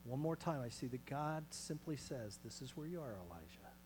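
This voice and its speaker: A male pastor delivers a sermon in a small church, his mid-pitched voice rising to loud calls and then dropping to hushed, almost whispered lines. A faint electrical hum sits underneath the recording. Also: sing-song, normal speed.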